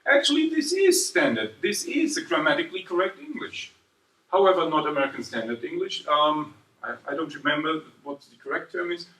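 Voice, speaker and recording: A university lecturer from southern Germany teaches a seminar in a lecture room, speaking briskly in a fairly high-pitched voice. Lively, he quizzes the class and tags "right?" after points. He stands a few steps from the mic, and his voice echoes around the hall.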